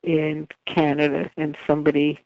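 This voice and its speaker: An older woman author being interviewed, chatting casually with frequent laughter and halting restarts. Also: deep voice, monotone, dry recording. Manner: laughs often while talking, halting restarts. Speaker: author guest. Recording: dull lo-fi remote line.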